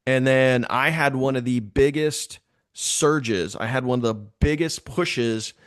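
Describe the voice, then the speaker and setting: A man telling a casual story to his team, animated and repeating phrases for emphasis. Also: medium pitch, slow pace, clear, resonant tone, no room sound, clean studio sound.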